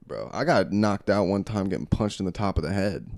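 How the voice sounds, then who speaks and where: A man's voice: low voice, big pitch swings, fairly quick, creaky, darkish tone, dry recording, clean studio sound. A young man co-hosting a podcast from a basement, telling rambling, profane stories in casual chat. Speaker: podcast co-host. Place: unfinished basement.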